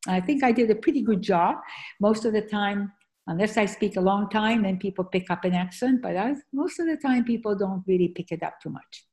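Brisk and warm, with a medium-pitched voice, a guest author shares her story earnestly in a conversational interview. She's from Argentina, French is her first language, and she uses fillers often.

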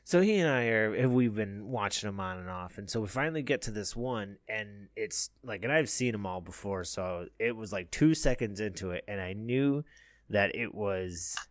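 A man's voice: lowish voice, lively intonation, normal speed, dry recording, studio quality. A man chatting casually as a podcast co-host, telling a long story full of fillers, restarts and easy laughs. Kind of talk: casual chat.

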